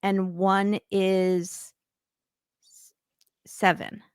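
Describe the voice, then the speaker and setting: A woman's voice: mid-range voice, little pitch movement, extremely slow, clear, resonant tone, no room sound, clean studio sound. A woman guest on a casual recap chat, blunt, joking and opinionated. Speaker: podcast guest.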